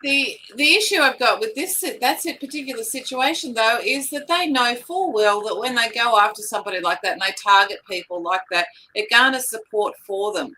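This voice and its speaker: A woman's voice: fairly high pitch, brisk, hardly any pauses, bright, forceful tone, slight background noise, poor audio. A woman co-hosting a live news stream, talking casually in loose, rambling sentences with lots of fillers.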